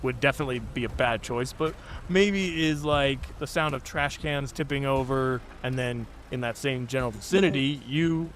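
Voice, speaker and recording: A man playing a tabletop game, thoughtful and measured as he plans aloud. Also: medium pitch, a bit bright, slight background noise. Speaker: player.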